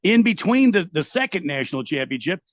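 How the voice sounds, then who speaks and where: A male sports radio host with a somewhat high voice, talking haltingly and repeating himself as he builds a case. His voice comes through dry and close. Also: big pitch swings, no room sound. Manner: halting, repeats words while building an argument. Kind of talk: casual sports talk.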